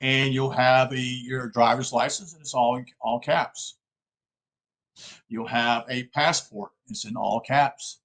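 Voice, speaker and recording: A man from South Carolina talks slowly in a steady, mid-range voice that's a bit bright, giving a casual but earnest lecture. He speaks to his listeners as "folks" and checks in with frequent "okay"s. The recording quality is rough.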